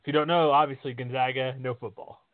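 A man's voice: mid-range voice, fairly even intonation, fast talker, no echo. A man hosting a sports podcast in casual chat, rambling with frequent restarts. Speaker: podcast host. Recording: dry, tinny phone-like line.

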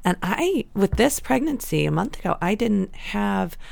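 A woman's voice: mid-range voice, very animated, measured pace, creaky, darkish tone, no room sound. A woman in her thirties, a podcast guest, chatting casually and telling her story with many fillers. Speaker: guest sharing birth story.

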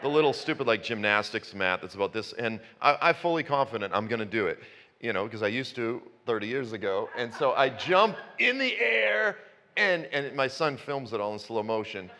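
A man in his fifties preaching a sermon, telling stories with self-mocking humor and breaking into sudden high outbursts. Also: animated, moderate pace, pushed and bright, slight background noise. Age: 50s. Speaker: pastor. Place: church sanctuary. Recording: long reverb of a church hall.

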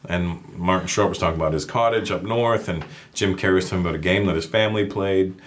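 A man from Canada with a lowish voice, chatting as a guest comedian. He tells stories loosely and jumps up into bigger voices when he quotes himself. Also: quick pace, slight background noise. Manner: animated, acts out his own quotes in raised voices. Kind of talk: casual chat, storytelling.

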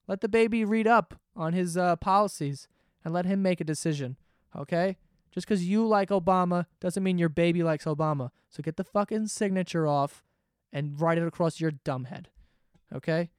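A man's voice: high-pitched, moderate pace, no room sound, clean studio sound. A man ranting sarcastically and swearing freely in a casual comedic monologue, host of his own podcast.

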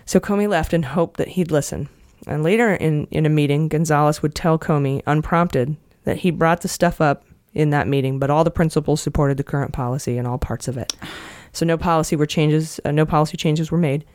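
A woman's voice: low voice, brisk, few pauses, darkish tone, no room sound, studio quality. A woman hosting a casual podcast, earnestly recounting a story and reading passages aloud. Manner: earnest storyteller, emotional at times. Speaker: podcast host recounting a book.

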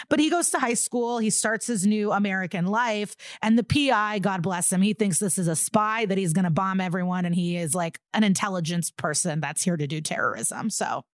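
A woman's voice: mid-range voice, no room sound, studio quality. A woman co-hosting a podcast, animatedly retelling a true-crime case in casual chat, acting out quotes and swearing freely. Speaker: podcast co-host.

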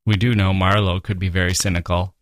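Brief: male podcast host, low-voiced, musing through literary commentary. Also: flat delivery, a little fast, no room sound. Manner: musing, with soft laughs and quoted readings.

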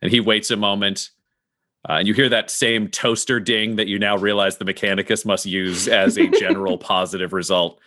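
A man narrating a tabletop game as game master in a relaxed, chatty way. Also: on the low side, moderate pace, dry recording, clean studio sound.

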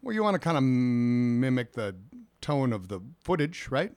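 Lively joking man on a podcast. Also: mid-range voice, moderate pace, clear, resonant tone, no room sound. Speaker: podcast co-host. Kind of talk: casual chat.

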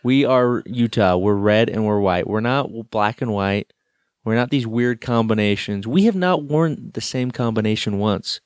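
Co-host type: man, smooth resonant low-ish voice, dry sarcastic ranter, casual sports talk. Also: moderate pace, dry recording. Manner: ranting, dry sarcastic jokes.

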